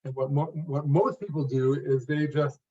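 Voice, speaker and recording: In a steady, moderately paced voice of middle pitch, dark and a little breathy, a man of 50 or older explains how he learned to speak. He is a stuttering coach guesting on an interview, laying out his method in separate phrases that each carry stress on a word near the end. The recording comes from a distant mic with the highs cut off.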